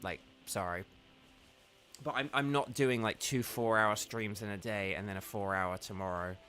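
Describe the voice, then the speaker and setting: A man's voice: lowish voice, steady tone, normal speed, pushed and bright, faint music behind. Tired man streaming a game. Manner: rambling, chatty, addresses viewers directly. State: tired, yawning. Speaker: gaming livestreamer. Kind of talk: casual livestream commentary while playing.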